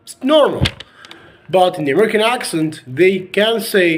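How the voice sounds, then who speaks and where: A man with an Egyptian accent, a native Arabic speaker, teaching an online English pronunciation lesson with slow, emphatic repetition of words for drill. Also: high voice, sing-song.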